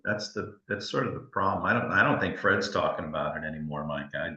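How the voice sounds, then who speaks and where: A man's voice: sits low, brisk, sharp tone. A man, a chiropractor co-hosting a podcast, speaking hesitantly with trailing phrases and many fillers. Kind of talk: casual podcast chat. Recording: dull echoey remote audio.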